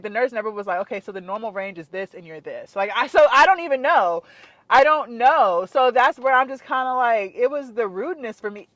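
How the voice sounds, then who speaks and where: A young woman fitness vlogger telling a story to her viewers in a frustrated, animated way, saying "like" constantly. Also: on the high side, no echo. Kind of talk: casual storytime rant to camera.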